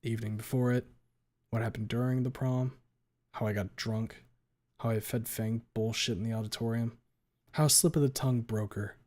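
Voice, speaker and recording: A man of middling pitch reads a first-person story aloud for his stream. He throws feeling into it, hurrying through some passages and lingering on others. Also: a little mellow. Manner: emotional, pace swinging between rushed and drawn out. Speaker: streamer reading a fan fiction aloud.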